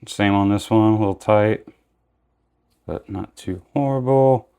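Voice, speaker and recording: A young man with a notably low-pitched voice talks through an action figure unboxing in a loose, casual way. He rambles, backtracks and corrects himself as he goes. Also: measured pace, mellow, clean tone.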